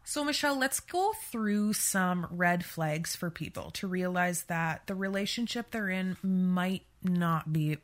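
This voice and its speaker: A woman's voice: on the low side, unhurried, hardly any pauses. A woman from Canada co-hosting a podcast for a sexual assault centre, steering the casual conversation with short agreements and "Okay?".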